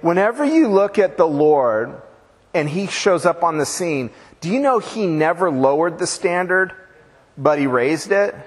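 A man's voice: fairly high pitch, animated, unhurried, breathy edge. A man preaching a sermon as pastor, casual and joking, with slangy storytelling. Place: church with a long reverb. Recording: church hall reverb.

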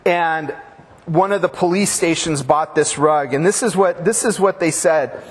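A man's voice: a little high, measured pace, husky. A man preaching a sermon as pastor, casual and joking, with slangy storytelling. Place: church with a long reverb. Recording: church hall reverb.

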